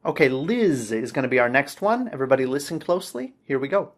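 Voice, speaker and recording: A man's voice: medium pitch, fast talker. A man works through feedback on a student's speaking answer in an easy, explanatory way. He stops often to check in and sounds out tricky words with care. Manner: relaxed, explanatory, says okay often. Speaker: English teacher. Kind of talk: spoken feedback lesson.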